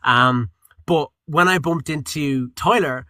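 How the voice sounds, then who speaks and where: A young Irish man, a voice actor being interviewed, telling stories in a lively way, acting out quotes and swearing casually. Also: fairly high pitch, slow pace, no echo. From Ireland. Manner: animated storyteller, acts out quotes, swears casually. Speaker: guest voice actor.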